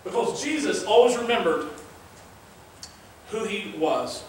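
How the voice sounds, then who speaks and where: High-voiced pastor in an echoey church. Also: male voice, expressive, a little slow, slight background noise. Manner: earnest, conversational preaching with scripture reading. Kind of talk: sermon. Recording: very echoey room, mic far off.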